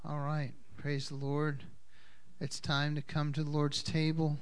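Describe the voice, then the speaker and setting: A man leads a communion service in a slow, unhurried way, pausing on fillers. His voice is smooth and clear and sits a little high for a man. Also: completely flat delivery. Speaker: congregation leader. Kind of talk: communion service talk with Hebrew blessings.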